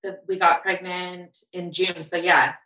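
A woman guest on a podcast telling her story in a chatty, animated way. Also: fairly low pitch, unhurried, echoey room, far from the mic, rough recording. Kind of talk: casual podcast chat.

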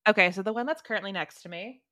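A woman's voice: medium pitch, fast talker, pushed and bright, no echo. Chatty young woman, dry close sound. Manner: chatty and enthusiastic, many "like"s. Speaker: podcast guest, writer. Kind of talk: casual podcast chat. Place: home room with pets nearby.

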